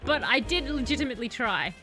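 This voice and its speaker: A woman's voice: sits high, animated, fast, soft background music. A woman streamer chatting sarcastically through her first playthrough of a game, joking at the story. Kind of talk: first-playthrough gameplay commentary.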